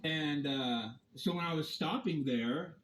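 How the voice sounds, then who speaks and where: A man's voice, pitched a little high, pours out a heated and rambling account laced with profanity. He records himself on a phone from inside a vehicle. The sound is echoey, with a faint hiss of noise. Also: slow pace, fairly bright tone. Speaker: campground guest confronting staff and police. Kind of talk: agitated first-person rant. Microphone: phone camera.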